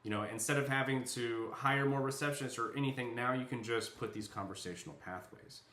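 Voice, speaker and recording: A man giving a casual screen-share walkthrough of software, talking loosely with lots of fillers as he thinks aloud. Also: mid-range voice, fairly quick. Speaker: software demo presenter. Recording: echoey room.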